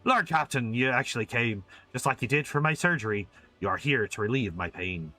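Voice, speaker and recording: A man's voice: medium pitch, lively intonation, fairly quick, bright, forceful tone, voice pushed down. A man voicing a tormented male soldier with a painful skull implant, talking in a strained, bitter, pleading way. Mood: bitter pained.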